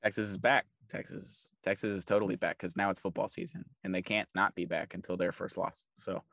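Low-voiced excited sports podcast man. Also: brisk, no room sound. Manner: emphatic, repetitive, fired up. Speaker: podcast co-host. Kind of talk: casual sports chat.

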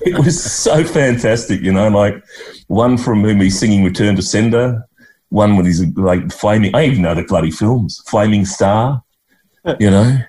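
A man's voice: on the low side, normal speed, mellow. A middle-aged Australian man, a guest in an interview, telling heartfelt, rambling stories full of restarts. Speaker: guest, actor and writer. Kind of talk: reflective conversational interview.

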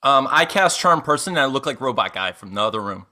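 A man playing a tabletop game, excitable and chatty. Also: medium pitch, fast talker. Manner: excitable, laughing, talks over others. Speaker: player. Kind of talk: casual chat.

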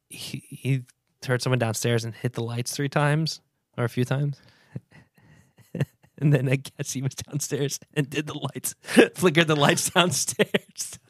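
A man co-hosting a podcast, telling stories in an animated way and laughing easily in casual chat. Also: mid-range voice, dry recording, studio quality. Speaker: podcast co-host.

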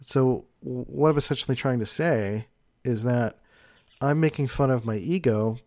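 A man explaining personality types in a casual, rambling monologue, peppered with "like" and soft laughs. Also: mid-range voice, moderate pace, dry recording. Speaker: personality type commentator.

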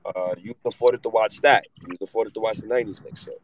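A man in his thirties hosting a podcast, excitable and profane, with big swings in pitch and loudness. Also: quick pace, background noise. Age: 30s. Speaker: podcast host. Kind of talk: casual chat.

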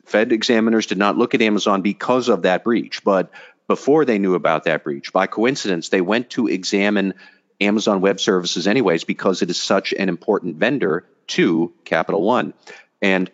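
A man on a casual panel chat, giving a measured, explanatory commentary. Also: low voice. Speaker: podcast panelist. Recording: dull lo-fi audio.

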